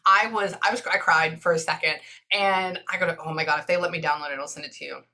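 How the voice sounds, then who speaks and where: A Texan woman giving a medium's reading in an animated, chatty way, often pausing to listen. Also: low-pitched. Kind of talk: casual spoken reading session.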